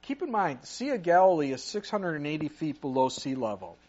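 A man preaches in a relaxed, conversational way, reading scripture aloud and speaking directly to his congregation. His voice sits a little high for a man. When he acts out pleas for help, his delivery grows loud. The recording is muffled and lo-fi. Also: fairly quick. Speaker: pastor. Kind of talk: sermon.

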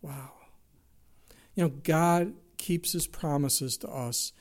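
A man's voice: fairly high pitch, slow pace. Earnest male preacher telling a story. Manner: earnest storytelling, quotes scripture, asks rhetorical questions. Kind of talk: sermon with illustrative story.

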